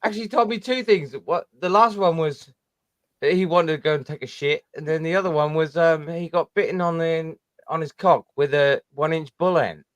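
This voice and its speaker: A man's voice: fairly high pitch, normal speed, dry recording. A man chatting casually as a guest, brash and laughing, with heavy swearing. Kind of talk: casual chat.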